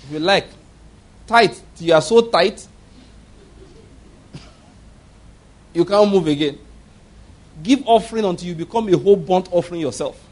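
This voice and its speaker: A man's voice: high voice, a little slow, long pauses. A middle-aged man preaching a sermon with passion, asking the congregation rhetorical questions and breaking into laughter. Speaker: pastor.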